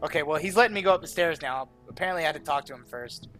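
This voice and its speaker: High, bright-voiced chatty gamer man. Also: racing, faint music behind. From American South. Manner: rambling, chatty, lots of "like" and "um". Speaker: gaming channel host. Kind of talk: casual game commentary.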